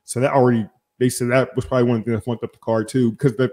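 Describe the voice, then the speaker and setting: A young podcast host with a mid-range voice races through a story in casual chat. He's animated and profane, voicing both sides of phone calls.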